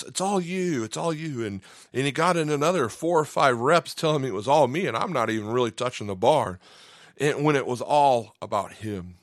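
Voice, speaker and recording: A man's voice: medium pitch, no echo, studio quality. A man preaching a sermon in an easygoing, conversational way, often repeating a word as he starts a phrase. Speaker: pastor.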